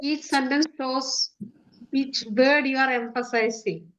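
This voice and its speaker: High-pitched lady answering the trainer, dull call sound. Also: fairly even intonation, takes it slowly. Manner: short answers. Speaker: training participant.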